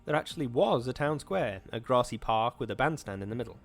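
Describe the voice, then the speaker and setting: A man hosting a show, reading a horror story aloud in a steady, measured way. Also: medium pitch, gravelly, soft background music.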